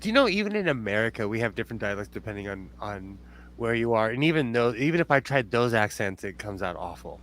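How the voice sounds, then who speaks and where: A man's voice: fairly low pitch, sing-song, fast talker, fairly bright tone. A man from Southern California with a Southern Californian accent, chatting casually and laughing often. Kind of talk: casual group chat.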